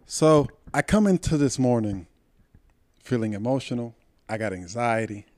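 This casual storytelling chat features a young man from Puerto Rico, a podcast co-host, speaking at a moderate pace in a mid-range voice. He's heated, animated and swears as he tells his story, recorded dry and close with no room sound.

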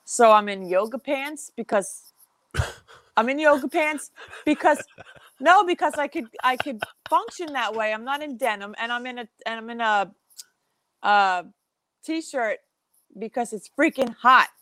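A woman co-hosting a casual podcast chat, telling stories in a lively, chatty way. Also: fairly high pitch, a little slow, no echo. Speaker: podcast co-host.

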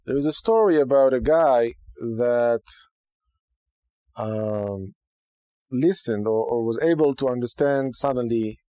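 Slow and prone to frequent pauses, a podcast host teaching Judaism speaks in a dry, mid-range voice with no room sound. His conversational, animated delivery is dotted with "okay" and "right" asides.

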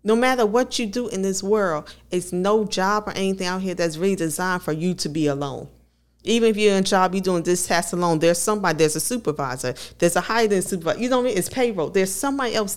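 A woman's voice: medium pitch, quick pace. A woman co-hosting a podcast, talking candidly and laughing often as she tells personal stories. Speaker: podcast co-host. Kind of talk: casual conversational podcast.

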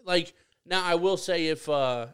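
A man's voice: on the high side, a little slow, a bit bright, clean tone. A man hosting a podcast in casual, rambling chat, joking with his co-hosts and often restarting his sentences. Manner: rambling, self-correcting, joking. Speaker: podcast host.

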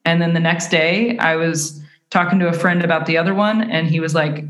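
A woman's voice: fairly low pitch, fairly quick, echoey room. A woman guest on a podcast telling her story in a casual, earnest and rambling way. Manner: earnest, rambling, many fillers. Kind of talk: casual chat.

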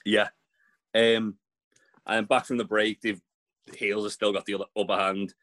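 A man's voice: on the low side, little pitch movement, moderate pace, fairly bright tone. A man, co-hosting a podcast, recapping wrestling in a rambling, sweary casual chat. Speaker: podcast co-host.

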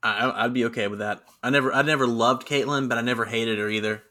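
A man co-hosts a podcast with a bright, forward tone. He recaps events in a chatty, storytelling way and acts out the quotes. His pitch sits in the middle for a man. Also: fairly even intonation, fast talker. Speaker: podcast co-host. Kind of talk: casual wrestling recap chat.

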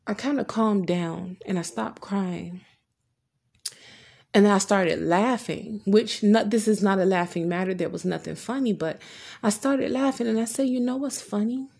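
A woman speaking in a candid, heartfelt storytelling way, her voice carrying a gravelly vocal fry. She retells back-and-forth conversations in plain words and often stumbles and restarts mid-sentence. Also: medium pitch, dark tone. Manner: earnest and emotional, retells dialogue with frequent restarts. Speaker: person sharing a personal therapy story.

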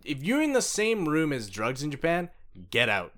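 Un hombre en una charla informal, que suelta comentarios secos e impasibles. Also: male voice, fairly high pitch, wildly swooping pitch, normal speed, fairly bright tone. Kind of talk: casual chat.

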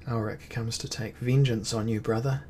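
A man voicing a calm, defiant young noblewoman who speaks quietly and taunts her brother, in a storybook reading. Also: mid-range voice, normal speed, a little hiss or hum, lightly acted. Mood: taunting.

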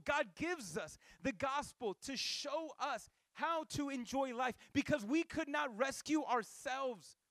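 A male pastor giving a sermon in a casual, animated way, with slang asides to the congregation. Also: very high-pitched, dry recording.

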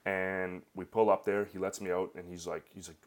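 A man's voice: deep voice, moderate pace. A young Canadian man with a Canadian accent telling a personal story in a rambling, casual way, full of fillers. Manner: rambling, filler-heavy, animated.

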